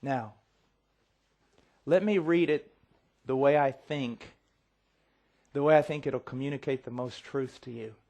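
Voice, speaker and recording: A middle-aged man preaching a sermon, swinging from quiet intensity to near-shouting and acting out voices as he tells a story. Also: medium pitch, a little slow, long pauses. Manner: acts out quoted voices.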